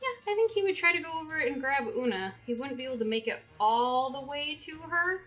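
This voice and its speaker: A woman running a tabletop game as game master, relaxed and talking with plenty of fillers. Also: high voice, a little fast, dull audio, faint music behind.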